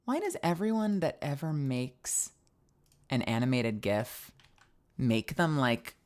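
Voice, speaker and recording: A woman's voice: extremely low pitch, very animated, takes it slowly, a little mellow. A woman streamer chatting casually between game lines, muttering and swearing. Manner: muttering asides, swears a lot. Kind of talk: casual live-stream chat.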